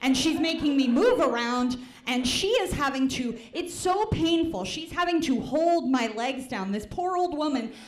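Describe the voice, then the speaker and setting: A woman's voice: high voice, expressive, normal speed, hardly any pauses, slight background noise. A young woman from the Midwest doing a stand-up set, chatty and self-deprecating, with lots of "like" and "right?". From American Midwest. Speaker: stand-up comedian. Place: comedy club stage before a live audience. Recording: roomy club sound.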